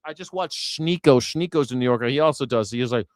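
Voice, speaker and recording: A man hosting a live reaction stream, riffing and joking in loose, rambling commentary. His voice comes through smooth and crisp, recorded dry and close with no room sound. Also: mid-range voice, quick pace, no echo. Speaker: host.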